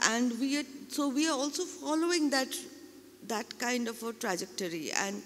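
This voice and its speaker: Slow, halting woman in a reverberant hall. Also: fairly high pitch. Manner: hesitant, many fillers and restarts. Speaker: filmmaker. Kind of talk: discussion at exhibition launch. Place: exhibition hall.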